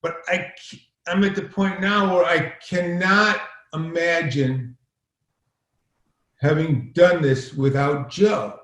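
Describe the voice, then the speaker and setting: A man's voice: on the high side, steady tone, slow pace, a bit bright. A middle-aged man, a podcast guest, telling a long profane story in a rambling, casual way. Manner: rambling, profane, acts out quoted exchanges. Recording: roomy echo.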